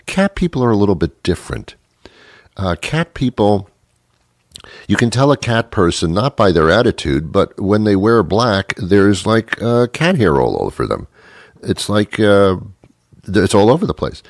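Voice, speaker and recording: A man's voice: lowish voice, big pitch swings, normal speed, dry recording, studio quality. A man hosting a radio show, delivering a wry, rambling comic monologue with playful asides.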